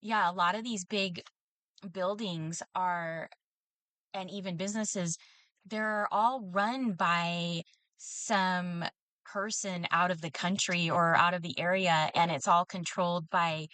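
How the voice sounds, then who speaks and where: A woman's voice: on the low side, fairly even intonation, slow, a bit bright, dry recording. A woman co-hosting a podcast, telling a story in casual chat with lots of ums and laughs. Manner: storytelling with frequent fillers and laughs. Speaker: podcast co-host.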